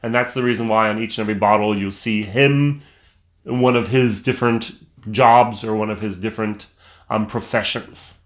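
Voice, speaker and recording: A man's voice: fairly low pitch, steady tone, normal speed. A man giving a casual, enthusiastic whisky review on camera at home, chatting with frequent restarts and fillers. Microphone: camera mic.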